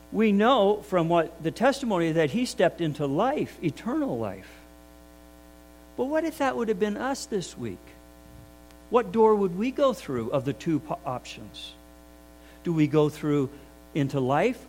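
An older man preaches a sermon, with a voice sitting a little on the high side. He tells folksy stories, restarts his sentences often, and moves from loud emphasis to soft, quiet asides. A low mains hum runs behind him. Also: sing-song, unhurried, long pauses, rough recording. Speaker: pastor.

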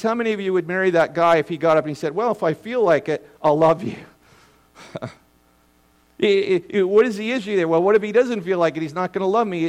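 A middle-aged man preaching a sermon as a pastor, earnest, often repeating words as he starts a phrase and slowing down to stress key points. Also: high voice.

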